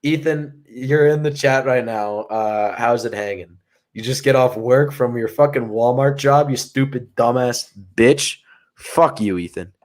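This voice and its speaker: A man's voice: medium pitch, unhurried, a little mellow. A young man co-hosting a podcast, telling rambling stories to a live chat, swearing and packing his talk with fillers. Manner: rambling, profane, lots of "like" fillers. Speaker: podcast co-host. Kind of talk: casual storytelling to a live chat.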